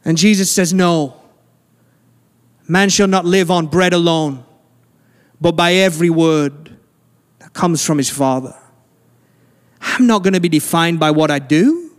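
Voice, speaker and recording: A man preaching a sermon as pastor, earnest and slowing down to stress key lines. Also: a little high. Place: church sanctuary. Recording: long church hall reverb.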